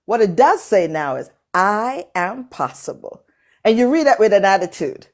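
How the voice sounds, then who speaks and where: A woman's voice: mid-range voice, very animated, brisk, a little mellow. A middle-aged woman with an accent hosting a motivational talk on a live call, emphatic and preacherly, repeating phrases for effect. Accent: non-native English accent. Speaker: motivational speaker and workshop host.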